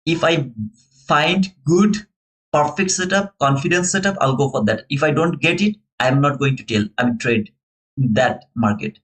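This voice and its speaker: A young man with a non-native English accent hosts a live stream, walking viewers through his futures trades in casual, earnest commentary and calling them brother. His voice is fairly high and his pace moderate, captured on a low-quality recording.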